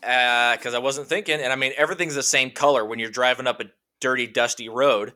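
Man, bright voice, casual storytelling, rambling with lots of fillers. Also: medium pitch, brisk. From Washington state. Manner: rambling, animated anecdote with many fillers. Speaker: guest.

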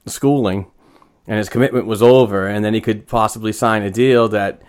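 A man talking in casual sports chat, rambling and agreeable, with halting restarts. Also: on the low side, fairly even intonation, smooth. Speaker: podcast co-host.

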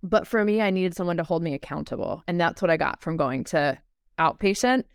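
A woman telling her personal story as a podcast guest, animated and acting out the dialogue she quotes. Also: lowish voice, brisk, creaky, clean tone, dry recording, clean studio sound.

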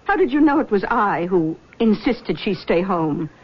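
A woman's voice: mid-range voice, sing-song, normal speed, lightly acted. Woman doing a fussy middle-aged mom, sweet-talking and defensive, old lo-fi radio play. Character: doting, occult-minded middle-aged mother. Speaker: mother. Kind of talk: 1970s radio drama acting. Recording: dull lo-fi old radio recording with faint hiss.

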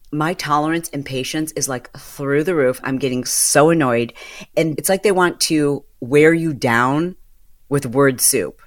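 A woman hosting a casual solo podcast, venting in an exasperated, fast-running storytelling manner. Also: sits low. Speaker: podcast host.

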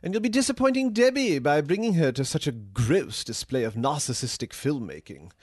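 A man's voice: a little high, animated, brisk, no room sound, clean studio sound. A man voicing a male AI chatbot in a comedy sketch, pompous and condescending with theatrical flair. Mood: haughty. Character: snooty, sarcastic male AI chatbot.

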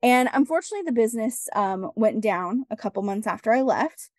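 A woman guest on a podcast interview, telling her story in a casual, animated way and acting out bits of dialogue. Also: fairly high pitch, a little fast, no room sound, clean studio sound. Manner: animated, acts out dialogue, laughs often. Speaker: podcast guest, business strategist.

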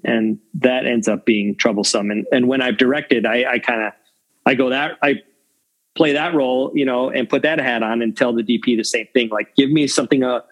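A man's voice: mid-range voice, husky, rough recording. A man talking casually in an interview about cinematography, rambling with many restarts and "you know"s. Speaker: cinematographer guest.

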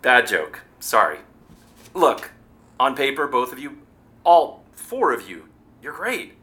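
An actor playing a brisk, persuasive political adviser in an audio drama. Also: male voice, medium pitch, very animated, pushed and bright, full character voice. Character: smooth political PR adviser man.

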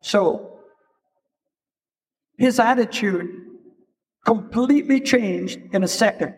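An older man giving an unhurried keynote talk in an event hall. He tells stories and drops in frequent "you know" asides. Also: sits high, slightly rough. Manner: unhurried, storytelling with frequent 'you know' asides. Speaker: keynote speaker, photographer. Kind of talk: anecdotal stage talk. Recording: long hall reverb.

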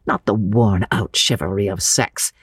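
A woman narrating a classic novel in a measured, expressive dramatic reading. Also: very deep voice, breathy edge, no room sound, clean studio sound.

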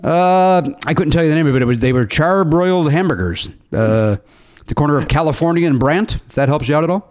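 A man's voice: a little high, expressive, a little fast, a little mellow. Rambling middle-aged man telling stories. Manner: rambling storyteller, many fillers and restarts. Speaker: podcast co-host. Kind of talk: casual chat.

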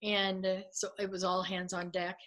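A middle-aged woman, a guest, telling a personal faith story in an animated way, laughing often and acting out what others said. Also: mid-range voice, moderate pace, poor audio.

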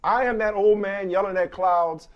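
A man hosting a sports debate show, venting in exaggerated mock outrage and shouting at times. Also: high voice, fairly even intonation, normal speed, highs cut off. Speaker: sports talk show host.

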